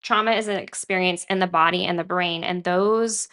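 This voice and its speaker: A woman's voice: fairly low pitch, fairly even intonation, normal speed, fairly bright tone. A woman co-hosting a podcast, talking earnestly and at length in casual conversation, with many "like"s. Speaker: podcast co-host.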